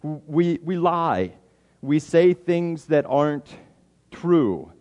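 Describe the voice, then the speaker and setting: A man's voice: fairly high pitch, animated, slow, a little mellow. Man preaching with stammering restarts. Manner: stammering restarts, acts out quoted excuses. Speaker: pastor. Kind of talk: sermon. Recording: long hall reverb.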